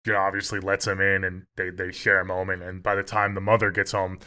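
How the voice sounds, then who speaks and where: A man co-hosting a podcast, chatting about a film in a relaxed, agreeable way. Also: low-pitched, fast. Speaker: podcast co-host. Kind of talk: casual film review chat.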